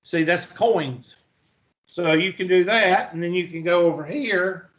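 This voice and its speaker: A man's voice: high voice, fairly bright tone. A man teaching a math class, folksy and joking, in a dull lo-fi classroom recording. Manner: folksy, joking asides, slow deliberate delivery. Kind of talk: classroom lecture.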